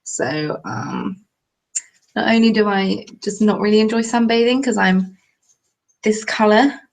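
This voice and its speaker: A young Englishwoman hosts a casual live knitting stream, her mid-range voice a little slow and touched with vocal fry. She rambles as she chats and reads out viewer comments.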